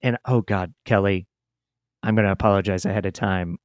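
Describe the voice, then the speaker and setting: A man's voice: deep voice, fairly even intonation, a little fast, no room sound, highs cut off. A man with a Midwestern American accent, hosting and telling a true story in a chatty, self-deprecating way. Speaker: podcast host. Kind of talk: casual storytelling chat.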